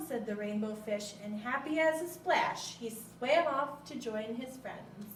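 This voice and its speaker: A woman hosting a library storytime, reading a picture book aloud with gentle expression. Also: fairly high pitch, unhurried, hardly any pauses, slight background noise. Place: library room. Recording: echoey room, mic far off.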